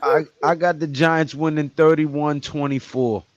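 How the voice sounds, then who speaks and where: A man's voice: a little high, fairly even intonation, unhurried, no echo, highs cut off. A man on a sports podcast panel, speaking in a casual, slangy way.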